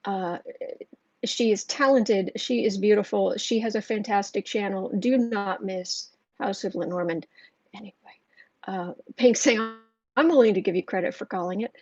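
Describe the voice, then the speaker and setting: A woman's voice: medium pitch, normal speed, a little mellow, breathy edge, no echo. A woman hosting a live tarot reading stream. She reads viewer comments aloud and talks in an emotional, rambling way with many restarts. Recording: dull, lo-fi sound.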